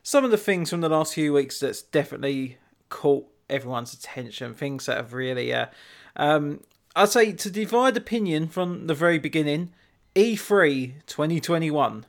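Wry man, slightly higher voice. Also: expressive, normal speed. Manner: rambling, wry, quotes others sarcastically. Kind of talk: casual chat.

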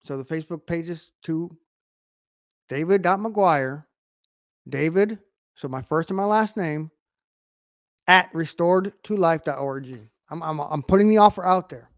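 A man preaching an online sermon to camera, emphatic, asking rhetorical questions and swinging from quiet to loud. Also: a little high, unhurried, pauses often, dry recording, clean studio sound.

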